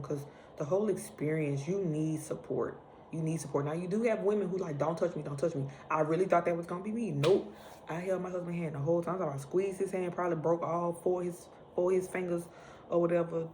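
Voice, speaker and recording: A young woman, casually telling a personal story, animated and acting out the lines she quotes. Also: low voice, a little hiss or hum. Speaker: vlogger.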